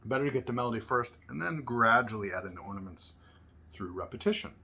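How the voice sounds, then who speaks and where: A man's voice: mid-range voice, expressive, fast, gravelly, husky. A man teaching a music lesson, patiently explaining phrases and sometimes singing rhythm syllables. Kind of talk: instructional lesson with sung syllables. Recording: loud violin music in background. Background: violin playing.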